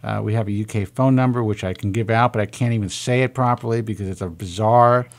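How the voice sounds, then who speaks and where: A man's voice: lowish voice, steady tone, fast talker. A man hosting a radio call-in show, rambling and joking with callers in casual chat.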